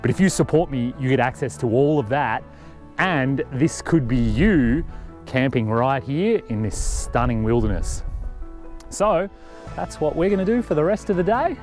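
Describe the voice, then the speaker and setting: A travel vlogger talks upbeat to the camera outdoors, at a campsite and a windy picnic table, explaining things enthusiastically in casual vlog style. His medium-pitched voice is expressive and a little mellow at a moderate pace, with soft music in the background.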